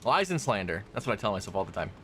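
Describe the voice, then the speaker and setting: A man's voice: fairly low pitch, very animated, rapid-fire, fairly bright tone, a little hiss or hum. A young adult man streaming a game, chatting loosely with his viewers as he plays. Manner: chatty, rambling, talks to chat while playing. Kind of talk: casual gaming stream chat.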